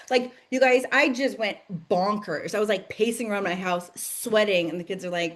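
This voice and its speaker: A woman in her thirties leading a direct-sales team call, chatty and enthusiastic, full of "like"s and "you guys" and quick laughs. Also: medium pitch. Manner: bursts of laughter and excited acted-out quotes. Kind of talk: casual motivational team call.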